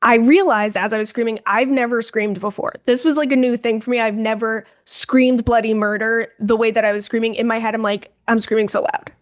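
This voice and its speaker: A young woman co-hosting a podcast, telling a story in a casual, animated, dramatic way and calling the listener "girl". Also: a little high, brisk, few pauses. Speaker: podcast co-host.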